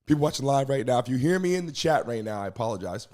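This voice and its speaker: Hoarse man hosting a live stream. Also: mid-range voice, racing. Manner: energetic, greets chat viewers by name. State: hoarse, lost his voice. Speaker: live stream show host. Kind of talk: casual live stream chat.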